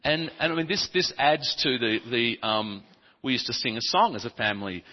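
A man preaching a sermon, telling funny childhood stories with some stumbles and speaking softly in the reflective passages. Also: medium pitch, moderate pace. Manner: humorous, animated storytelling with stumbles. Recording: dull, reverberant hall recording.

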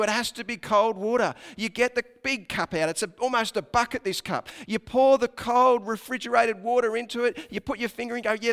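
A man preaching a sermon to a congregation, telling a story with hushed dips and sudden dramatic lifts. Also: very high voice, smooth. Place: church hall with congregation. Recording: long reverb of a large hall.

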